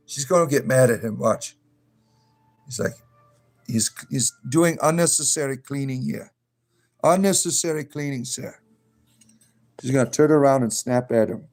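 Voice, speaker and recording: A man talks loosely on a home livestream, drifting between his pet rabbits and the chat. His voice sits mid-pitch with a dark, mellow tone. He is recorded on a phone, with faint music underneath. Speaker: livestream host.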